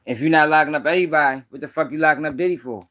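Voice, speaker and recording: A tired young man hosting a late-night livestream, chatting with viewers in a casual, profane, animated way. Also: fairly high pitch, racing. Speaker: livestream news commentary host.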